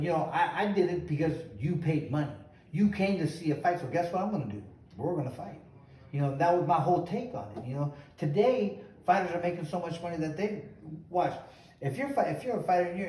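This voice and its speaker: A middle-aged man who used to box hosts a casual conversation in a slightly high, dark-toned voice. His stories ramble, with quoted lines acted out. The mic sits at a distance in an echoey room.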